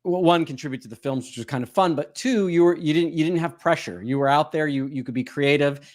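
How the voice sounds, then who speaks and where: A man hosting an interview, speaking conversationally with quick asides. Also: fairly high pitch. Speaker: interview host. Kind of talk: casual conversation.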